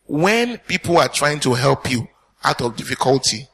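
Husky preacher with a bright edge. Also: male voice, medium pitch, very animated, moderate pace. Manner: earnest teaching preacher, addresses congregation with questions. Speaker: pastor. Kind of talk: sermon.

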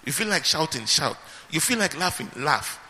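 A man preaching a sermon, emphatic and repeating his phrases, swinging between loud and soft. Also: on the high side, sing-song, moderate pace, slight background noise. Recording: reverberant hall with faint ambience.

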